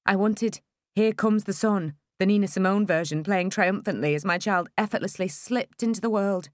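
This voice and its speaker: A woman narrating a first-person audiobook in a wry, expressive storytelling manner. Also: medium pitch, moderate pace, dry recording, studio quality.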